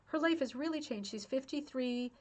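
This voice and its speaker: A woman's voice: high-pitched, normal speed. Chatty woman sharing a craft book. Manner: chatty, emotional, restarts often. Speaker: rug hooking club host. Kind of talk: casual video talk sharing a book.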